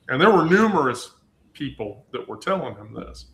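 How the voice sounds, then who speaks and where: Male podcast host, bright tone, meandering casual talk, echoey room. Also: medium pitch, big pitch swings, normal speed. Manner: rambling, many ums and you-knows. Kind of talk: casual chat.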